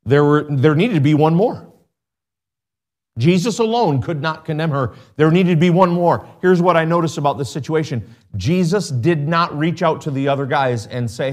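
A man's voice: a little high, moderate pace. A man preaching a sermon, asking his congregation rhetorical questions and reading scripture in King James wording.

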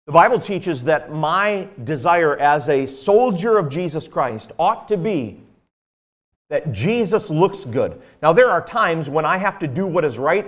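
A man preaching a sermon, telling a personal story in an earnest, conversational way with frequent fillers. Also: on the high side.

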